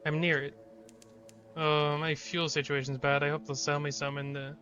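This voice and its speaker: A man's voice: on the high side, level tone, normal speed, pushed and bright, highs cut off, soft background music. A man streaming a video game live, reading its text aloud and reacting with sudden swearing.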